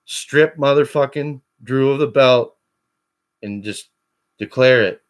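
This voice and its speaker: A man on a call-in show, ranting angrily and swearing constantly, his voice climbing toward shouts. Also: mid-range voice, slow pace. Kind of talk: angry profane rant.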